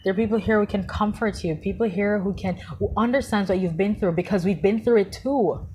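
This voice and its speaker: A woman's voice: mid-range voice, brisk, mellow, breathy edge. A woman vlogger speaking heartfelt and emotional in a personal monologue, grieving and tearful, often repeating herself.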